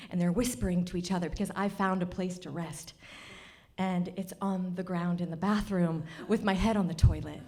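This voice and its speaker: A woman telling a true story on stage before a live audience, wry and confiding. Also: mid-range voice. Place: stage of a cultural center.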